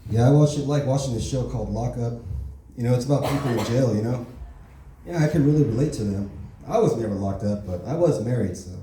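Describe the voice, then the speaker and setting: A man's voice: medium pitch, fast, warm tone, slight background noise. A man doing an open mic stand-up set, talking casually and profanely and checking in with "right?" and "you know?" after his lines. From Korean heritage. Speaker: stand-up comedian. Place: comedy club open mic. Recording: echoey room, mic heard from a distance.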